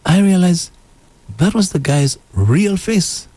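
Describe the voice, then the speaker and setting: A man co-hosting a radio show, telling stories in a lively way that jumps up in pitch. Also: slow, no echo. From Saint Lucia. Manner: animated storytelling with pitch jumps. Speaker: radio co-host. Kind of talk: casual radio talk. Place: radio studio.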